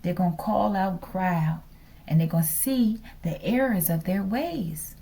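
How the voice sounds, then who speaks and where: A woman's voice: lowish voice, measured pace, vocal fry, mellow, low-quality recording. A woman giving a casual spiritual tarot reading in a chatty, teasing way, often ending lines with a questioning "okay?" and sometimes dropping to a whisper. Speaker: tarot reader.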